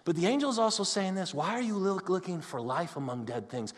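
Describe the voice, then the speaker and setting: A man preaching a sermon in a conversational way, moving between loud excitement and hushed, intimate talk. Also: high-pitched, brisk. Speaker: pastor. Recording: long hall reverb.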